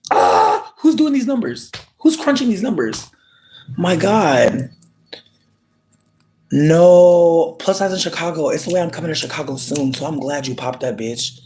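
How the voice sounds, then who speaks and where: A live streamer ranting in a casual, dramatic way, swearing often, calling viewers sweetie, and jumping into sudden squeals and drawn-out words. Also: mid-range voice, a little mellow.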